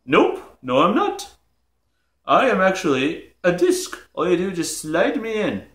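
A man doing a bright, boastful modern video game plumber, voice climbing high and swinging all over, with plenty of unhurried bragging. It sounds like a homemade toy skit, and there's a roomy echo around it. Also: wildly swooping pitch, heavily acted. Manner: upbeat, showing off, teasing. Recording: echoey room.

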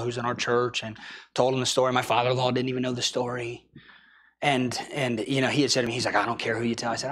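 A man's voice: mid-range voice, fairly bright tone. A young man preaching a sermon in a church, telling a story with acted-out quotes.

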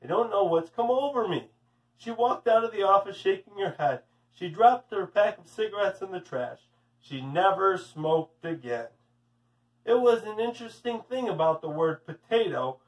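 A man's voice: high voice, lively intonation, normal speed, recorded from a distance, poor audio. A man, a teacher, reading a storybook aloud to children in a friendly way. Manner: friendly, addressing kids.

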